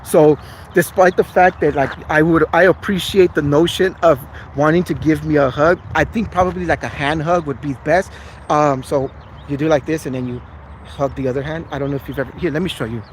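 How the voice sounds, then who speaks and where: A man's voice: a little high, steady tone, fairly quick, slight background noise, low-quality recording. Earnest man chatting on a livestream. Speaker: vlogger. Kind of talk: casual livestream chat with viewers.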